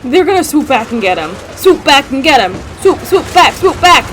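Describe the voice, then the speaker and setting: High-pitched woman doing a reaction video, gasping and yelling at the screen, faint music behind. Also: moderate pace, hardly any pauses. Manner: excitable, gasping, talking to the screen. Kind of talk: casual reaction commentary.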